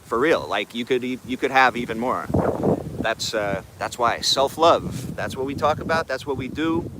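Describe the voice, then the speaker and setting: A man's voice: mid-range voice, moderate pace, very noisy. A man hosting a live morning affirmation stream, talking in laid-back slang and greeting chat viewers by name. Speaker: livestream host.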